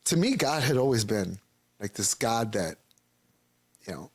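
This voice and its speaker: A man's voice: lowish voice, very animated, measured pace, breathy edge, no echo. A man being interviewed as a guest, telling a personal testimony in a rambling, casual way and acting out the voices of people he quotes.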